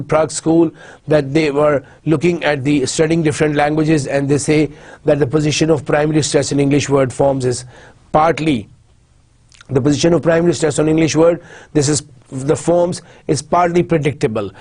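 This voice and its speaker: A male university lecturer who reads each point aloud, then restates it slowly with frequent restarts. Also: on the high side, steady tone, darkish tone. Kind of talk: recorded linguistics lecture.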